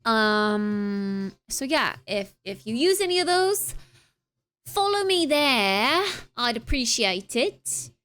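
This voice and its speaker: Bright, chatty young woman streamer. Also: on the high side, sing-song, slow pace. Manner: chatty, rambling with filler sounds; playful, tries out accents. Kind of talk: casual end-of-stream chat.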